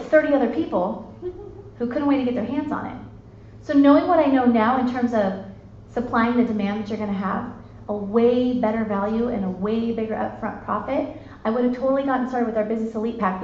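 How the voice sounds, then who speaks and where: A woman in her thirties giving a chatty, bubbly sales pitch to a live audience, calling them "you guys". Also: slight background noise. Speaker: sales presenter. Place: meeting room with an audience. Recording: echoey, dull lo-fi room recording.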